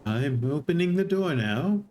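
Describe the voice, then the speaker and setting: A streamer voicing a measured, careful man who keeps the keys at a resort, in a game read-aloud. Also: medium pitch, expressive, darkish tone, slight background noise, voice pushed up, lightly acted. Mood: cautious. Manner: measured and cautious.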